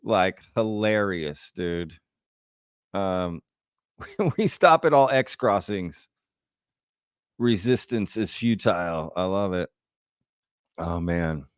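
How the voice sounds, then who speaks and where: A man's voice: deep voice, animated, takes it slowly, pauses often, clear, resonant tone, no room sound, clean studio sound. A man hosting a live Q&A, reading chat comments aloud and laughing often. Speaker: livestream host.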